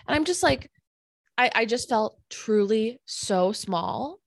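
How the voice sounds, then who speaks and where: A woman telling a personal story in casual chat, animated and full of "like" fillers. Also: a little high, takes it slowly, creaky, no room sound, clean studio sound. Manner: animated, filler-heavy retelling with many "like"s.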